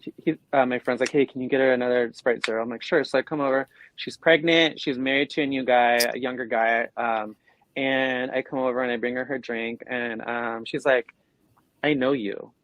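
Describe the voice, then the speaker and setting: A man's voice: mid-range voice, normal speed, dry recording, rough recording. A man co-hosting a podcast, telling stories in casual chat and acting out what people said. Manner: animated, acts out quoted voices. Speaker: podcast co-host.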